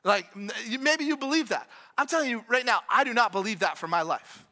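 A man preaches to his congregation in a relaxed, conversational style. His voice sits high and bright. He circles back over his own phrases and slips in quick asides as he goes. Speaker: pastor. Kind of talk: sermon. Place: church with congregation.

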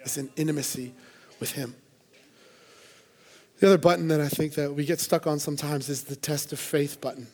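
A man's voice: a little high, steady tone, normal speed, a little mellow. A man preaching a sermon to a church congregation, earnest and conversational, with playful asides. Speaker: pastor.

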